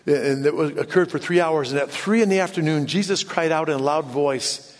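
A man preaching a sermon in an earnest way, often dropping to hushed low tones for emphasis. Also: brisk. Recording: long hall reverb.

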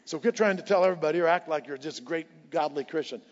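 A man preaching with fervor, hammering home key phrases and swinging from hushed to loud, his voice sitting a little high. The sound carries a long hall reverb and comes through dull and muffled, as from a church sanctuary. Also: quick pace. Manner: impassioned preaching, repeating lines for emphasis. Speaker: pastor. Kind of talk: sermon.

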